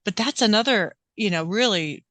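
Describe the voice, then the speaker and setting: A woman author, a guest on a podcast, telling stories in an animated, quick, casual way. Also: mid-range voice, no room sound. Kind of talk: casual interview chat.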